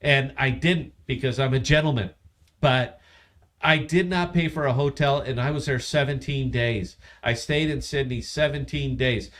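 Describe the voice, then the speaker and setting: A man's voice: fairly high pitch, expressive, moderate pace, fairly bright tone. A man in his fifties hosting a casual livestream, tipsy, profane and boastful as he tells a long story. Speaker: podcast host.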